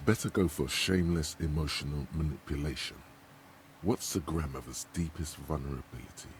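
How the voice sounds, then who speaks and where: Casting: a cutting inner voice in a game, extremely low and dry. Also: male voice, normal speed, slight background noise. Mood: sardonic.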